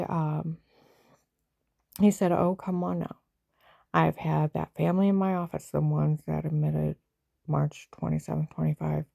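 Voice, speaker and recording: A woman with a low, creaky, dark voice gives an agitated, rambling personal account, acting out the lines other people said. The recording is dry with no room sound, and the high frequencies are cut off.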